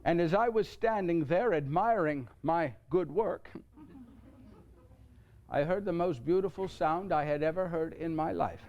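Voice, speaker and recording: A man's voice: a little high, measured pace, lo-fi sound. An actor playing a nineteen-year-old carpenter, earnest and flustered, in a live stage monologue. He stammers and repeats himself, and he speaks straight to the audience. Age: young adult. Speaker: actor in one-man show. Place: church before a live audience.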